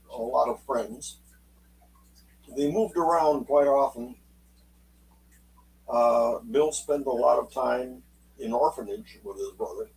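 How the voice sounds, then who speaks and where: Slow-talking man telling a story from afar. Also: medium pitch, a little mellow, distant mic, a little hiss or hum, poor audio. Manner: unhurried, folksy, acts out quotes in dialogue. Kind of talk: spoken oral storytelling.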